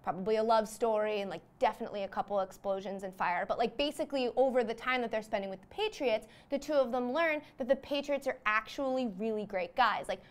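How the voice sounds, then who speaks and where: A young woman with a slightly high voice hosts a comedy show, talking fast with few pauses. She rambles through an invented movie plot in a comedic monologue, saying "like" constantly.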